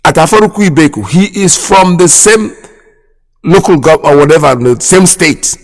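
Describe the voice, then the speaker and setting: A Nigerian radio host with a voice on the high side delivers impassioned political commentary at normal speed. Indignant, he repeats himself and fires off rhetorical questions, and the recording carries a long hall reverb.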